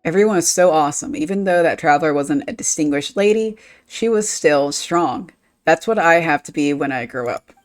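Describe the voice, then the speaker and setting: A woman's voice: sits low, animated, moderate pace, faint music behind. A woman voicing a contrite young village girl, reading game dialogue aloud.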